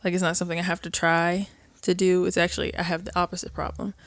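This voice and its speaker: A woman co-hosts a podcast in a casual chat, speaking openly and emotionally about feelings and acting out little remembered exchanges as quotes. Her voice is lowish and flat, she talks fast, and there's no room sound.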